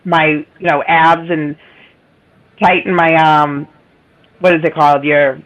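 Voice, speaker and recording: A woman with a Boston accent and a raspy, nasal voice, rambling in casual chat. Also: low voice, little pitch movement, slow pace, a bit bright, rough recording. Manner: rambling, self-deprecating, laughs often. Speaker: livestream guest.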